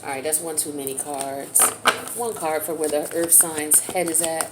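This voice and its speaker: A woman's voice: low voice, steady tone, moderate pace, heavy background noise. A woman giving a casual tarot reading in a chatty, slang-filled way. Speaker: tarot reader.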